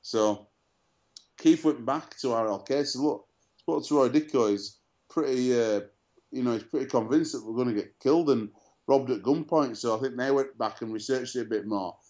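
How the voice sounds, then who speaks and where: A man's voice: mid-range voice, normal speed, a little mellow. A man co-hosting a casual sports chat show, telling stories full of fillers and restarts. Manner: chatty storyteller, many fillers and restarts. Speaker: podcast co-host.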